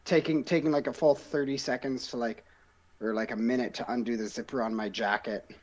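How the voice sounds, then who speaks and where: A man's voice: mid-range voice, fairly even intonation, a little fast, darkish tone, low-quality recording. A man playing a character in a tabletop role-playing game, drawling and sarcastic. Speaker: player. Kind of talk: casual role-play as a player character.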